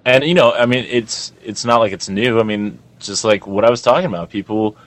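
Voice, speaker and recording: A man's voice: lowish voice, fairly quick, a bit bright. A young adult man hosting a podcast, ranting in a rambling, profane casual chat. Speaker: podcast host.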